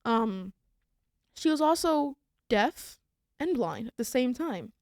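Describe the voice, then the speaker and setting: A woman's voice: fairly high pitch, lively intonation, takes it slowly, a little mellow, no room sound, clean studio sound. A young woman from Florida, co-hosting a podcast in casual, rambling chat. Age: young adult. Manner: chatty, rambling storyteller. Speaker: podcast co-host.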